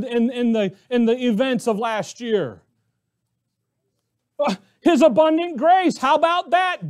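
Pastor, male, very high voice, emphatic sermon delivery full of rhetorical questions. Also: slow, pauses often. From Arizona, US.

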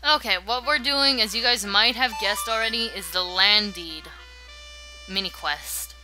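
A woman's voice: mid-range voice, measured pace. A woman casually narrating a video game playthrough, with joking, sarcastic asides over game music. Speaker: let's play host. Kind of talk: let's play commentary.

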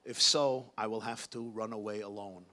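A grave old grandfather who is also a wealthy businessman speaks low and hushed, measured and solemn, as a preacher puts him on. His tone stays bright and clear even when quiet, with a deep, heavy voice. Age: older. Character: old Holocaust-survivor grandfather, rich businessman, grave and wise.

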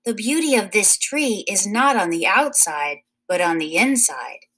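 A woman reading a storybook aloud and voicing a kind, patient old male woodcutter in a gentle, proud tone. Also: mid-range voice, lively intonation, unhurried, slightly rough, poor audio.

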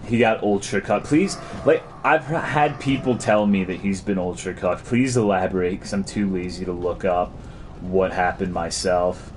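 A man's voice: sits low, fairly even intonation, moderate pace, slight background noise. A man streaming a game, chatting casually and crudely as he reads and answers his chat.

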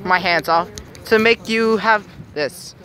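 A man's voice: high voice, slow pace, sharp tone. A young man filming a casual vlog on a snowy city street, rambling and upbeat as he hunts for words. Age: young adult. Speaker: vlogger filming his family walk. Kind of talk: casual handheld vlog narration. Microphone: handheld camera. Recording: outdoor street noise, traffic.

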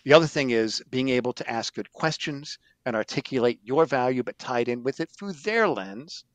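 A middle-aged man, a sales trainer, telling stories in an animated, emphatic way as an interview guest. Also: mid-range voice, normal speed, no room sound. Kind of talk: storytelling interview answer.

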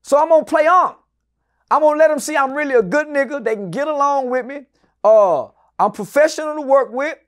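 A man's voice: extremely high pitch, expressive, a little fast. A middle-aged man telling a long story as an interview guest, cursing freely and acting out the people he quotes. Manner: profane, loud, acts out the people in his story. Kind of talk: animated storytelling in a casual interview.

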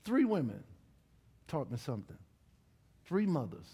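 A middle-aged man preaching a sermon in a church, with lively call-and-response to the congregation. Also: fairly high pitch, measured pace, breathy edge. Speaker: pastor. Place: church sanctuary.

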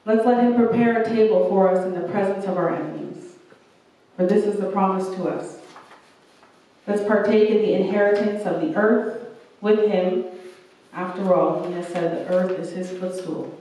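A young woman delivers a sermon from a church hall, earnest and warm in her storytelling. She slips into the voices of the people she quotes. The sound is very roomy and heard from some distance off the mic. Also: mid-range voice, moderate pace. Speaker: preacher.

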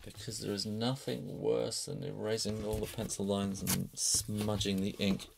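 A man's voice: fairly low pitch, flat delivery, a little slow, creaky, very noisy. A British man, an illustrator, chatting and laughing often as he talks through a drawing tutorial. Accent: British English.

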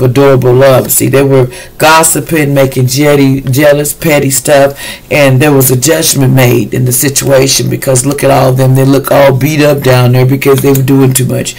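A man's voice: medium pitch, vocal fry, darkish tone, rough recording. A man giving a casual weekly tarot reading, chatty and slangy, talking straight to his viewers. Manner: chatty, loose and slangy, addresses viewers directly. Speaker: tarot reader.

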